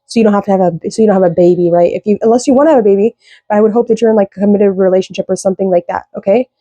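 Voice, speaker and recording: A woman giving a casual tarot reading, rambling with lots of fillers, slow when she reads out card meanings. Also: medium pitch, warm tone, no echo, highs cut off. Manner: rambling, loose, with many fillers. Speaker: tarot reader.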